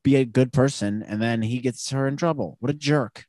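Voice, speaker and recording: A young man co-hosting a casual chat, joking and animated. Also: mid-range voice, moderate pace, no echo, studio quality. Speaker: podcast co-host.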